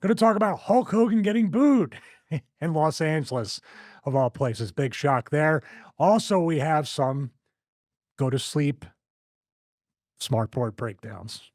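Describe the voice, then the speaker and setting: A man hosting his own show from a home studio, chatting casually with a rough, strained voice and playing with dramatic pauses. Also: fairly high pitch, lively intonation, darkish tone, no room sound. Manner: theatrical, plays with dramatic pauses and wrestling-style vocal impressions. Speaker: host. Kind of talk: casual podcast chat.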